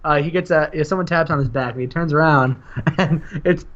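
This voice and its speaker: A man casually narrating a wrestling simulation game, animated and laughing as he tells it. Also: on the high side, fairly quick. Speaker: guest co-host. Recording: lo-fi mic.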